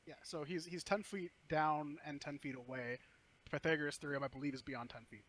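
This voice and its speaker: Man, game master, fairly high voice, patient, describes scenes, tabletop game. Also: fairly even intonation, a little fast, fairly bright tone.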